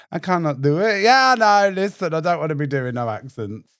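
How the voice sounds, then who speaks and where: A man with a high, excitable voice gushes and jokes his way through reality TV clips. His camp chatter is loose and full of swearing, and the mic sounds dry and close. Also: no echo. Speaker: streamer reacting to reality TV clips. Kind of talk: casual reaction commentary.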